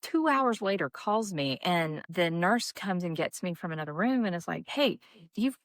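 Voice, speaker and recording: A woman's voice: normal speed, no echo, clean studio sound. A woman, a nurse practitioner telling emergency room stories in casual chat, acting out quoted people with big jumps in her voice. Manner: animated, acts out quotes with big pitch jumps.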